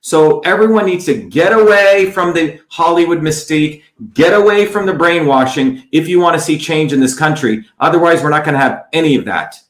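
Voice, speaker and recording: A man with a fairly high voice rails at critics in a combative campaign livestream. He talks bluntly and with scorn, answering viewer comments one by one. The sound is roomy and echoey. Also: animated, a little fast, few pauses, a bit bright. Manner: blunt, scornful, repeats "okay?". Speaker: political candidate livestreaming.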